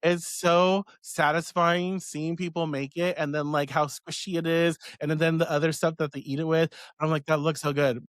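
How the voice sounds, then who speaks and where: Witchcraft host, male, a bit high-pitched, loose chatty delivery with plenty of swearing, dry sound. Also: level tone, moderate pace, hardly any pauses, no room sound. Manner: rambling, swears freely, laughs often. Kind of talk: casual live-stream chat.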